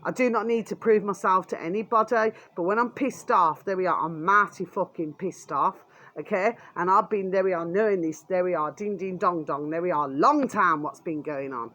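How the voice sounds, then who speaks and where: A woman's voice: on the low side, normal speed, a bit bright. A British woman vlogger ranting angrily to her channel, swearing constantly and falling back on the same filler again and again. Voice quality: swears constantly, repeats "there we are" as a filler; coarse and blunt. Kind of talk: angry ranting vlog.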